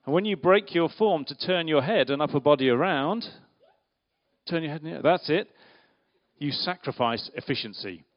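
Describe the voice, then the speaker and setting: A man's voice: fairly high pitch, animated, moderate pace. A man giving an interactive church talk, playfully questioning the audience and directing a volunteer. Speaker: preacher giving a children's talk. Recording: dull lo-fi sound.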